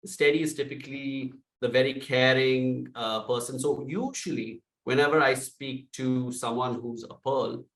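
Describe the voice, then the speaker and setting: A man coaching salespeople, speaking loudly and with energy and acting out sample calls. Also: mid-range voice, fairly even intonation, normal speed, few pauses, echoey room, far from the mic, low-quality recording. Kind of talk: sales training talk.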